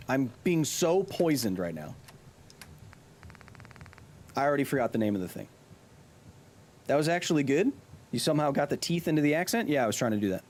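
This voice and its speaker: A man's voice: mid-range voice, sing-song, a little fast, long pauses, darkish tone, a little hiss or hum. A man live-streaming a video game, chatting with his viewers in a jokey, casual way and reading in-game notes aloud.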